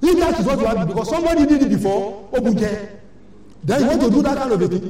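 A woman's voice: on the high side, animated, quick pace, dark tone. Emphatic Nigerian woman preaching in echoey hall. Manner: emphatic, repetitive, scolding. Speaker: church elder. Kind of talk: sermon exhortation. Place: large church hall. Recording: echoey church hall from far off.

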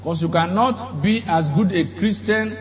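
A male preacher, preaching a sermon in short phrases and pausing for his interpreter. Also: sits high, crowd noise. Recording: echoey hall with faint background noise.

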